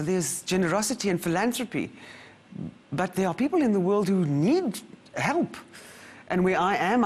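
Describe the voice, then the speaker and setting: Brief: interview guest from South Africa, lively pitch, tells stories and acts out quotes. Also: female voice, breathy edge. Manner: animated, acts out quoted voices. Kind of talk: reflective conversational storytelling.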